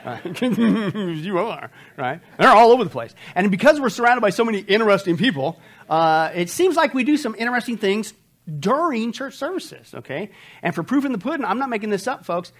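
A man preaching a sermon, joking with the congregation, reading funny lines aloud, laughing and shouting now and then. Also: high voice, sing-song, a little fast. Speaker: pastor. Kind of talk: humorous sermon.

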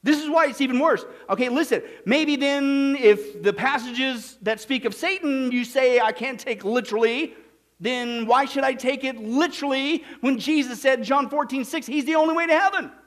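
High-voiced emphatic man preaching a sermon. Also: normal speed, fairly bright tone. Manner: emphatic, asks the congregation questions. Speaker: pastor.

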